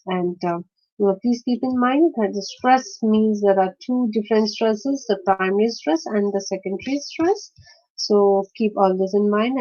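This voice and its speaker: A warm, mid-range female voice leads an online word-stress lesson, explaining each step with plenty of fillers and repeated "right?" checks. The audio is dull and lo-fi.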